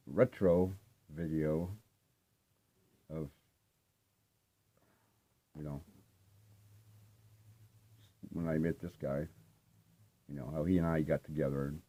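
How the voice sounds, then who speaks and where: With a very deep, warm voice, an older man who vlogs about vinyl collecting casually shows off his finds. His show-and-tell is loose and laid-back, rambling with many fillers.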